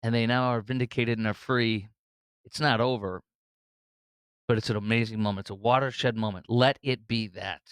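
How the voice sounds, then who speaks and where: A middle-aged man runs his own commentary show in an effusive, emotional flow, stumbling over restarts as he goes. His voice is smooth and resonant at a middle pitch, and the sound is dry and close. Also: fairly even intonation, moderate pace, no room sound. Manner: effusive, emotional, breaks into laughter; restarts and repeats words. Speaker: podcast host. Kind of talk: political commentary monologue.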